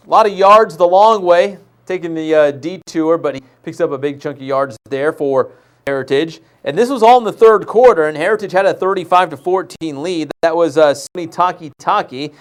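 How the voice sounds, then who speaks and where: A man hosting a live studio show, talking over high school football highlights in a loose, chatty way and joking with his crew. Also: normal speed, smooth. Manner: loose and chatty, jokes with crew, stumbles on names.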